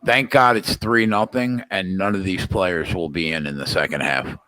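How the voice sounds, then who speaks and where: A man's voice: low voice, fairly even intonation, moderate pace, bright, forceful tone, no echo. A man co-hosting a casual betting podcast who talks in a blunt, wry way. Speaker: podcast co-host.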